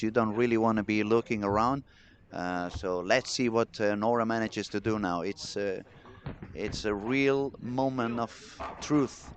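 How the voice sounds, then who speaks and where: Man, live bowling commentary, excitable, chatty, talks to viewers, mid-pitched voice.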